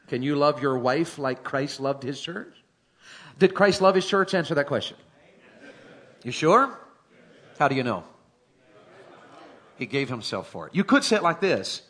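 A middle-aged male preacher with a somewhat higher voice delivers a sermon in a folksy, joking manner. He talks plainly to the congregation and builds to emphatic, ringing high points. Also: fairly bright tone. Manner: folksy, humorous, rising to emphatic climaxes.

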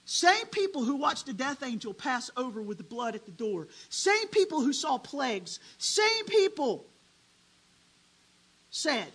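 High, bright-voiced dramatic preacher. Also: very animated, unhurried, husky, poor audio. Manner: dramatic, swinging between hushed and loud. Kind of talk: sermon.

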